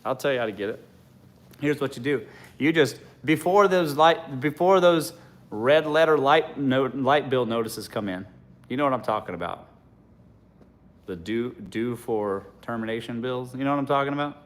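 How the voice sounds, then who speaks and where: A man's voice: medium pitch, moderate pace. A man doing a loose comic monologue for a livestream audience, laughing often as he talks. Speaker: comedian.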